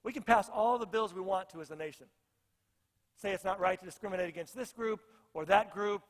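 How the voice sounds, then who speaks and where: A male pastor delivers an earnest sermon, driving points home by repeating his phrases. His voice sits fairly high. The sound carries a long reverb, as in a church sanctuary. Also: fairly quick.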